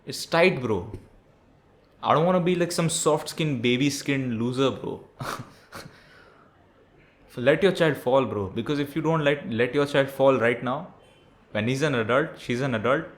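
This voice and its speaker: A man's voice: mid-range voice, unhurried, pauses often. A young man, ranting bluntly and profanely about parenting, peppering his talk with "bro". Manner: blunt, profane, preachy, says "bro" often. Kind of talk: ranting monologue.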